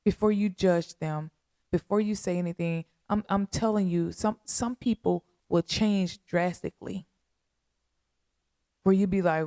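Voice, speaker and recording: A woman hosting a podcast, making a heartfelt spoken appeal in a slow, earnest, pleading way with a lot of repetition. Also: lowish voice, steady tone, dark tone, no room sound, clean studio sound. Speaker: podcast host.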